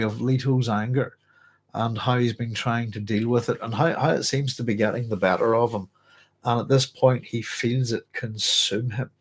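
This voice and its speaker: A man hosting a live book club, chatting through a novel and readers' comments in a thoughtful, rambling way with many pauses and restarts. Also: medium pitch. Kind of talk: casual live book discussion, reading aloud and chatting.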